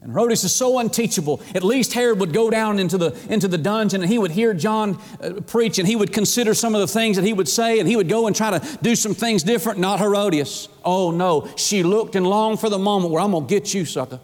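High-voiced preacher in echoing hall. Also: male voice, brisk, few pauses, darkish tone. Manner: fervent, repetitive, conversational. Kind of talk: sermon. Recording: long hall reverb.

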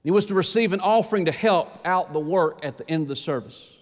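A pastor preaching a folksy sermon that rises to shouting on its key points. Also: male voice, fairly high pitch, lively intonation, brisk. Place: church sanctuary. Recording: long church reverb.

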